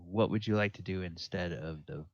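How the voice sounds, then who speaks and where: Male game master, very low, unhurried delivery, dry dull lo-fi sound. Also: dry recording. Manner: halting, many fillers and restarts, musing aloud. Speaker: dungeon master. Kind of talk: narrating a tabletop game.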